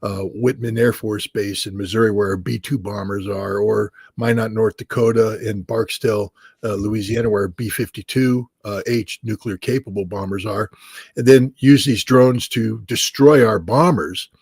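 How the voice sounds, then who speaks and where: Male commentator, husky tone, dead-dry sound, emphatic and argumentative. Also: on the low side, steady tone, normal speed, darkish tone, dry recording. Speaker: guest analyst. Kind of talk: interview commentary.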